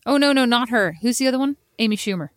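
An Irish woman co-hosts a chatty podcast and tells stories with lively animation. She teases her sister along the way. The recording is close and dry. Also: fairly high pitch, fast talker, no echo. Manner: animated storyteller, teasing. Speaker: podcast co-host. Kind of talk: casual chat between sisters.

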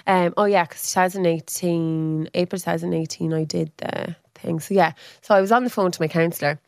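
A woman's voice: fairly even intonation, brisk, dry recording, clean studio sound. Chatty woman in her thirties. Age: 30s. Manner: chatty, acts out quoted speech with big pitch jumps. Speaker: podcast guest. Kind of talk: casual storytelling.

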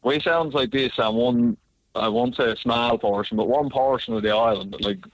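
A man's voice: medium pitch, expressive, moderate pace, gravelly, no echo, lo-fi sound. A man with a southern Avalon Newfoundland accent chatting easily as a radio guest. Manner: easygoing, chatty. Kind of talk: casual interview chat.

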